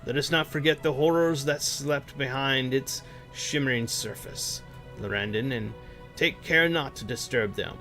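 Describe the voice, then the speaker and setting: A man reading aloud the words of a young dwarf who recounts grim mountain lore, in a plain, unhurried voice. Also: mid-range voice, bright, forceful tone, faint music behind. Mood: solemn.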